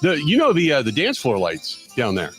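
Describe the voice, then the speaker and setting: A man's voice: medium pitch, wildly swooping pitch, normal speed, a bit bright, faint music behind. A man hosting a sports radio show, telling rambling self-mocking stories in casual banter at a studio microphone.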